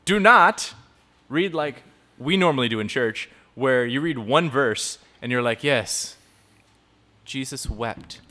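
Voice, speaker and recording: Lively, animated man giving a youth talk. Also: mid-range voice, unhurried. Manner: animated, joking, improvises tangents. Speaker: youth talk presenter and show host. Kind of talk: live talk to a youth audience.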